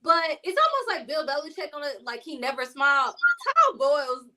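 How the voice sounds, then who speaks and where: A woman's voice: high-pitched, sing-song, normal speed, bright, forceful tone, a little hiss or hum. A woman co-hosting a sports talk show, chatting casually and rambling, often laughing as she talks.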